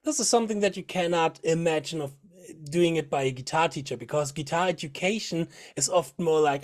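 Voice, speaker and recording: A man with a fairly high voice asks interview questions. His phrasing is earnest and a little halting. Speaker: interviewer, guitar teacher.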